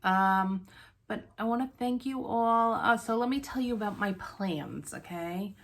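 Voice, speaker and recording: A woman's voice: medium pitch, unhurried, a bit bright. A woman hosting a stitching vlog, chatting casually to viewers, out of breath, rambling with many ums and restarts.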